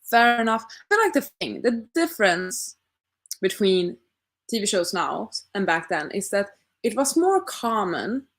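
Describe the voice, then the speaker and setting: A woman's voice: medium pitch, big pitch swings, unhurried. A young woman casually chatting with her stream audience, thinking aloud and asking rhetorical questions. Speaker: livestream host reading chat. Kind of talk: casual chat.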